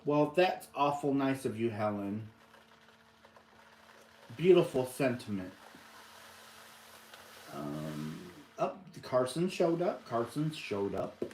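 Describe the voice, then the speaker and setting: A man's voice: mid-range voice, sing-song, takes it slowly, long pauses, darkish tone, a little hiss or hum. A man with an American accent hosting a casual livestream, reading viewer comments aloud and greeting people by name in an easygoing way. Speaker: livestream host. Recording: echoey room.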